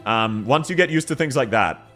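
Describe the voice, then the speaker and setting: A man's voice: medium pitch, expressive, brisk, fairly bright tone. A man chatting casually on a live stream, laughing often and answering his chat. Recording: faint music behind.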